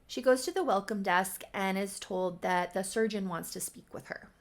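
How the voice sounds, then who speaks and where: A young woman casually recapping her own Sims story, chatty and quick, with offhand asides. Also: mid-range voice. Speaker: YouTuber.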